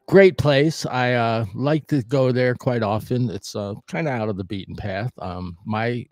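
An older man hosting a casual restaurant review vlog, talking in a rambling way with many fillers and the odd loud whoop. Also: mid-range voice, moderate pace, no echo. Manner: bursts of loud whooping cheers.

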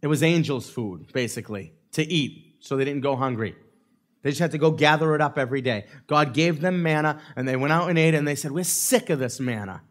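A man with a notably high voice, preaching to his congregation with lively energy. He slips into the voices of the people in his story and keeps asking okay and right. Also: brisk. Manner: animated, acts out quoted voices of the crowd. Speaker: pastor. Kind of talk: sermon.

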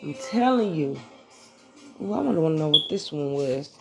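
Over music, a woman with a low, gravelly voice speaks at a moderate pace, venting bluntly and profanely to her viewers. She is an animated vlogger who addresses her audience directly and eventually drifts into a live tarot reading.

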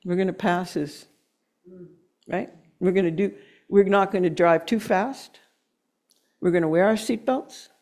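Earnest woman speaker, low voice. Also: darkish tone. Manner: earnest, emotional, with slow emphatic stretches and laughs. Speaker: guest speaker. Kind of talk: sermon.

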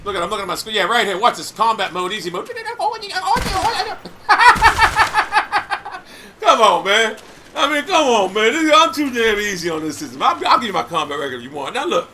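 A loud, hyper man giving boastful, trash-talking commentary over his gameplay. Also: sits high, lively intonation, quick pace, heavy background noise. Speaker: gamer.

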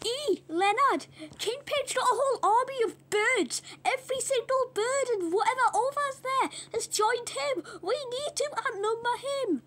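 A woman playing out a toy story, excitable and full of exclamations. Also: very high voice, measured pace, hardly any pauses.

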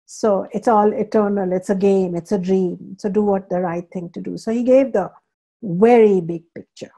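A woman's voice: mid-range voice, steady tone, moderate pace, vocal fry, dark tone. A woman spiritual teacher lecturing a scripture class, stressing points by repeating phrases and explaining terms in English as she goes.

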